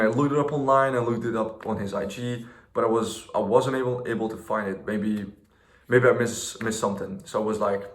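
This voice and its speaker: A man's voice: fairly low pitch, roomy sound. A young man telling a story in a casual vlog, rambling and slangy with lots of fillers and restarts. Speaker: vlogger.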